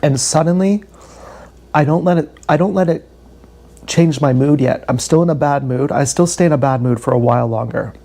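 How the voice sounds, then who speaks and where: Man, mellow dark tone, rambling candid storytelling, swears a lot. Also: on the high side, moderate pace, vocal fry. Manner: swearing, candid, self-deprecating, repeats himself. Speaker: vlogger.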